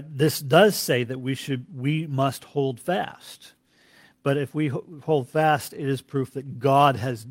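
A man teaching a classroom Bible lecture, reading scripture aloud and quizzing his class in an earnest, deliberate way. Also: medium pitch, no room sound.

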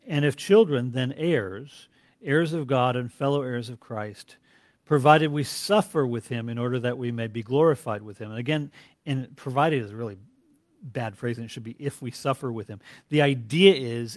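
A man teaching a classroom Bible lecture, reading scripture aloud and quizzing his class in an earnest, deliberate way. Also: medium pitch, no room sound, clean studio sound.

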